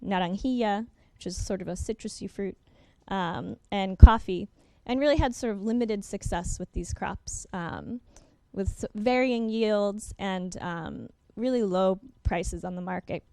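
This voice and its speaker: Speaking fast with frequent ums and uhs, a young adult woman presents slides at a workshop and keeps restarting her sentences to correct herself. Her voice is smooth, clear, mellow, and medium in pitch. The audio is close and dry, without echo.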